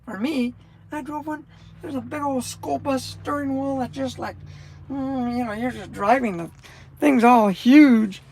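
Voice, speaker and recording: A woman's voice: high-pitched, normal speed, a little mellow, a little hiss or hum, low-quality recording. A woman chatting casually on a live stream, rambling from thought to thought and answering viewers' comments as she goes. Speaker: livestreamer.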